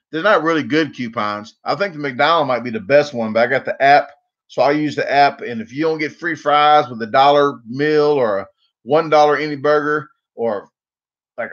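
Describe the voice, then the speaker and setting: A man's voice: medium pitch, fairly bright tone, lo-fi sound. A man hosting a casual livestream, rambling and joking, repeating words for laughs. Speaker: livestream host.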